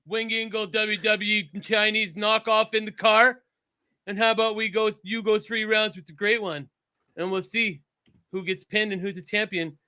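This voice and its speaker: A man voicing a brash, cocky guy who dares a traffic cop to a wrestling match, talking loud and blustering. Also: sits high, clean tone, voice pushed up.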